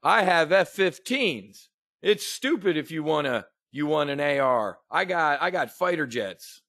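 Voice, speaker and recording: A man's voice: on the high side, animated, measured pace, bright, forceful tone, dry recording, heavily acted. A man doing a sneering mock impression of a blustering old male politician.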